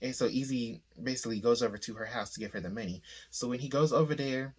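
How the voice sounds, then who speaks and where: A man walks through a novel's plot in an easygoing, conversational tone, like a book channel host talking to his viewers. He tells it loosely and briefly slips into the characters' quoted lines as he goes. His voice sits at an ordinary middle pitch for a man. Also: fast talker, slightly rough. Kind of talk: casual plot summary.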